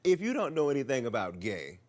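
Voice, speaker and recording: A man doing stand-up storytelling, animated and checking in with the crowd with "right?". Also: medium pitch, brisk. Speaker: stand-up comedian. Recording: noisy recording.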